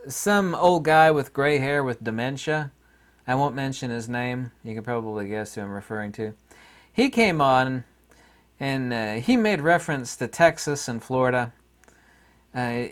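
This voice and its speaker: A man talking casually to camera in his vlog, sarcastic and rambling, often laughing at his own remarks. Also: medium pitch. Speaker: YouTube vlogger.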